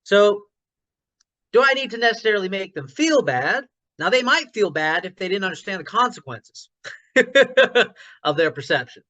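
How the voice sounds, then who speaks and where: A man talking through an idea in a casual online discussion, his voice bright and forceful and pitched a little high. He restarts often as he thinks aloud and grows loud when an idea excites him. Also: normal speed. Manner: gets loud when passionate about ideas. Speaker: discussion participant.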